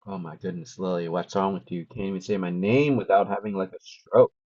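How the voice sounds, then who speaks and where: Male streamer, casual wry banter, low husky voice, slightly muffled sound. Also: steady tone, a little fast, dark tone. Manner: wry, teasing commentary. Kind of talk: casual live-stream chat.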